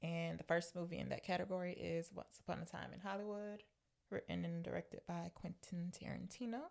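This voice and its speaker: A woman co-hosting a movie podcast in easy, casual chat. Her voice has a gravelly edge. She pokes at her partner with wry, pointed questions. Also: lowish voice, flat delivery, brisk, darkish tone. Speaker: podcast co-host.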